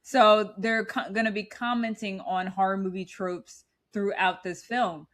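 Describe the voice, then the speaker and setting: A woman in her thirties co-hosts a podcast, recapping a movie in relaxed conversation. Her voice is medium-pitched and unhurried, and she's animated, laughs often, and retells scenes.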